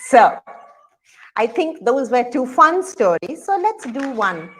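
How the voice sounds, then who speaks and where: A woman's voice: fairly high pitch, big pitch swings, takes it slowly, a bit bright. A woman telling a children's story aloud, with sound effects and questions for the audience.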